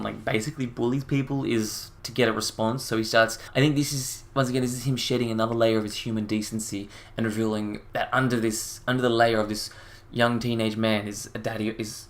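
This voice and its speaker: A man talking through a casual commentary, sarcastic and indignant, with plenty of swearing. His pitch sits right in the middle for a man. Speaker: commentary youtuber.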